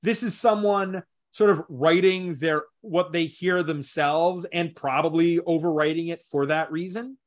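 Casting: man, slightly high voice, unhurried comics-podcast co-host, explains patiently. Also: fairly even intonation. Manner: slow, thoughtful, explanatory. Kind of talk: casual chat.

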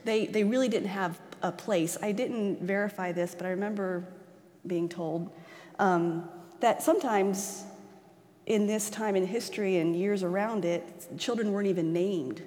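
A woman giving a conversational sermon, animated and chatty, acting out quoted voices and laughing easily. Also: mid-range voice, a little slow. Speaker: preacher. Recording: church hall reverb.

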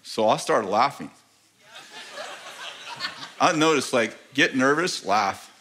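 A man's voice: mid-range voice, animated, slow, bright, forceful tone, a little hiss or hum. An American man preaching a sermon as pastor, telling a story with laughter and acting out the voices of the people in it. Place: large church auditorium.

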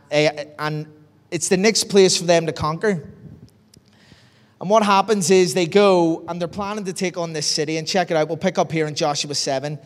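Northern Irish pastor, chatty sermon. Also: male voice, on the high side. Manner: conversational, lively storytelling preaching. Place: church hall. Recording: long hall reverb.

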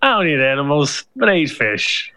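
Bright-voiced joking man. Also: on the high side, big pitch swings, moderate pace. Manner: joking, chiming in with quips. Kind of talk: casual chat.

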